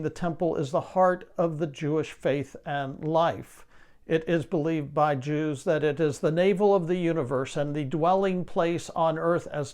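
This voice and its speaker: Higher-voiced man preaching a lively sermon. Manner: lively expository preaching with rhetorical questions.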